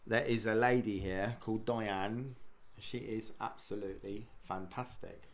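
A man's voice: on the low side, fairly even intonation, measured pace. An English man hosting a casual livestream, rambling and chatting to viewers by name, sounding tired. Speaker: livestream host.

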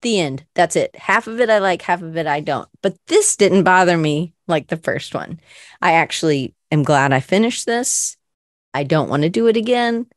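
A woman's voice: fairly low pitch, expressive, moderate pace, no room sound, studio quality. A woman hosting a live creative show, chatting in a rambling, self-deprecating way full of fillers. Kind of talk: casual chat.

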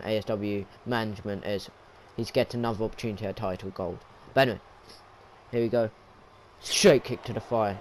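A man calls a wrestling video game match like a ringside commentator, his voice sitting at an average pitch. He mutters to himself during lulls and bursts into loud, high shouts at the big moves. A faint background hum runs under the recording. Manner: jumps from low mutters to yelled excitement at big moves. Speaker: YouTube gamer narrating his wrestling video game league. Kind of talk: excitable play-by-play commentary.

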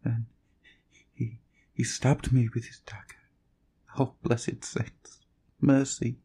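A man's voice: mid-range voice, level tone, takes it slowly, warm tone, slightly rough, voice pushed up, full character voice. A man voicing a terrified young village girl, gasping and faint, in an audiobook reading. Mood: dying, gasping.

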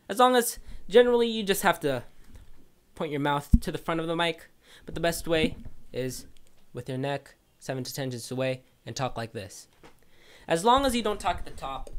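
A man's voice: on the high side, clean tone. A man hosting a casual how-to tutorial, talking directly to viewers into a condenser microphone. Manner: chatty, direct, addresses viewers. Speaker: video tutorial host. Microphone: condenser microphone, position varied.

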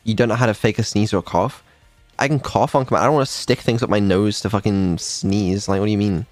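A male streamer chatting casually in a halting, mumbling way with dry, swearing remarks. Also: on the low side, steady tone, darkish tone, no room sound, faint music behind. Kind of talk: casual chat.

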